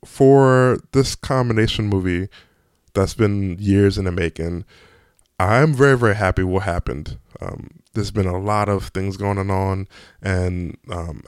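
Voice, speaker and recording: Male movie reviewer, casual and eager, slightly low pitch, dry room. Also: smooth, dry recording. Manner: excitable, chatty, frequent ums and restarts.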